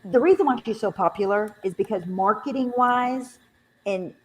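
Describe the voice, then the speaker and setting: A woman's voice: medium pitch, normal speed, breathy edge. A woman giving emphatic, opinionated commentary in a casual chat. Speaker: co-host.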